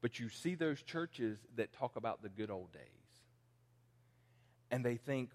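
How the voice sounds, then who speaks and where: A man's voice: medium pitch, lively intonation, measured pace, pauses often, darkish tone. A pastor in his forties preaching a conversational sermon, acting out the people he quotes. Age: 40s. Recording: long reverb in a large hall.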